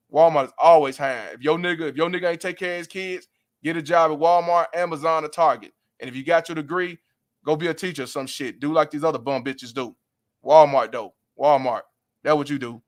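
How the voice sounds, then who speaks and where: A man's voice: fairly high pitch, fairly even intonation, fairly quick, a bit bright. A man hosting a livestream, ranting bluntly and profanely in heated commentary. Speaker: livestream host.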